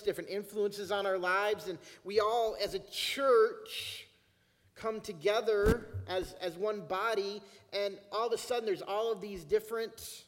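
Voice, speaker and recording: A man preaching a sermon as pastor, in a conversational way, slowing down to stress key phrases. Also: sits high. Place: church sanctuary. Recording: long reverb of a church hall.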